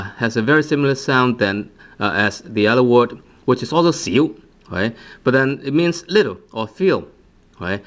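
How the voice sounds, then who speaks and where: A man's voice: medium pitch, a bit bright. Hesitant male language teacher. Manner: hesitant, many fillers and repeated drilled words. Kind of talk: language lesson.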